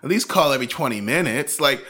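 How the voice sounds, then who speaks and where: A young man co-hosting a casual true-crime podcast, telling the story playfully with sudden high squeaks, his throat a little sore. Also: lively intonation, fast talker, bright, forceful tone. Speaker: podcast co-host.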